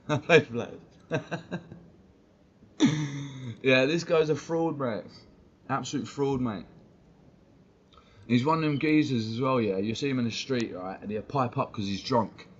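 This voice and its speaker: A man hosting a fan channel, ranting heatedly and swearing a lot during live-stream commentary. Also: medium pitch. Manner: heated, sweary, fast-talking rant. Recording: dull lo-fi stream audio with faint noise.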